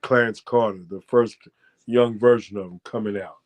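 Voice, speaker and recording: An American man, a former fighter, telling a profane, boastful story as a guest and breaking into loud shouted quotes. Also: lowish voice, steady tone, normal speed, lo-fi sound. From United States. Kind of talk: animated storytelling.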